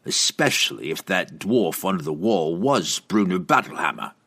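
A man voicing a grim, cunning male assassin in an audiobook, speaking in a low, measured way. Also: big pitch swings, creaky, fairly bright tone, breathy edge, full character voice.

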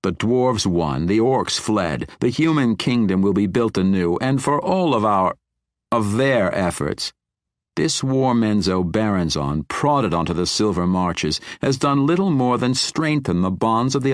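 A man's voice: lowish voice, expressive, dry recording, clean studio sound. A man voicing a sly, sardonic male drow mercenary who drawls his words archly. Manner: arch, drawn-out, sardonic.

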